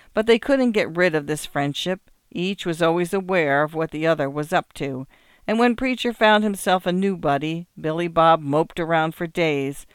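A man narrating a story as an audiobook, in a measured, even storytelling manner. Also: fairly high pitch, smooth, no echo, studio quality.

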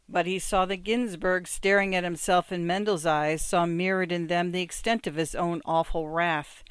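An audiobook reader narrating short stories in an even, measured reading. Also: mid-range voice, smooth, no room sound.

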